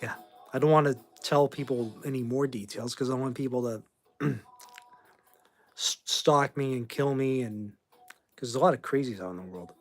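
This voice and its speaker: A man's voice: mid-range voice, normal speed, long pauses. A man in his forties from Boston, hosting a casual livestream chat and answering viewer questions in a rambling, offhand way with blunt opinions. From Boston, Massachusetts. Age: 40s. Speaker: host.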